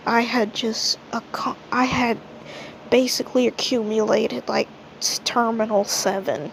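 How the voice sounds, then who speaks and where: A woman's voice: on the high side, steady tone, unhurried, vocal fry, a little hiss or hum, rough recording. A woman giving an indignant, ranting commentary monologue, peppered with "like". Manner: indignant, heavy use of "like" fillers. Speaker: commentary vlogger.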